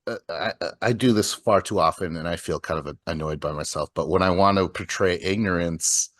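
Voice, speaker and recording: Low-voiced man in loose, swear-heavy chat. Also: a little fast, dry recording, studio quality. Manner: rambling, swears often, many fillers and restarts. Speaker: podcast co-host. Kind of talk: casual chat.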